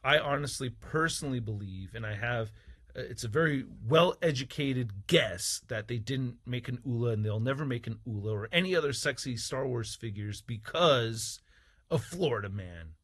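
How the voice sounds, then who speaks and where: Husky, heated man ranting. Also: medium pitch, animated, moderate pace, a bit bright. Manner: heated, profane, combative; mocking, sarcastic asides. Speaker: toy reviewer. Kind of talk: ranting opinion vlog.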